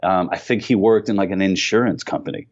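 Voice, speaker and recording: A man with a very low voice and a faint New York accent, talking as a guest on a podcast. He tells stories in an animated way, pokes fun at himself and restarts his sentences often. The recording sounds a little dull and lo-fi. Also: quick pace. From Queens, New York. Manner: animated storyteller, self-mocking, many restarts. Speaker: comedian guest. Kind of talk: casual podcast interview.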